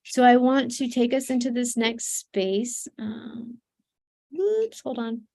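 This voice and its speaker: A woman's voice: fairly high pitch, slow, gravelly, a little mellow. Earnest woman teaching a healing seminar. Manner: earnest, teaching, many fillers and restarts. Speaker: seminar presenter, trauma coach. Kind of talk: online seminar talk.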